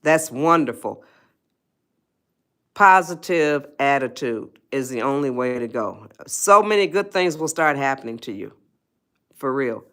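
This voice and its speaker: A woman hosting a motivational live stream, coaxing and repeating herself as she talks straight to viewers in the chat. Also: low voice. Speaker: host of a self-help live stream.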